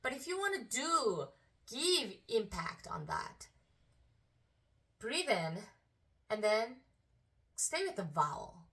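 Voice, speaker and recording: A high, bright female vocal coach with Korean as her first language talks students through a song at an unhurried pace. Her voice swings widely as she slips from relaxed explanation into soaring sung demonstrations. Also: recorded from a distance. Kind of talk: singing lesson with sung demonstrations.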